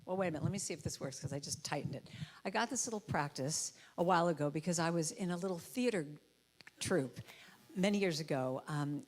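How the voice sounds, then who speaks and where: A woman gives an inspirational talk from a church stage. She speaks playfully and slips into high, comic voices to act out what people say. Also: fairly quick. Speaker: guest speaker and musician. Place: church sanctuary. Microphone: handheld or headset mic with trouble.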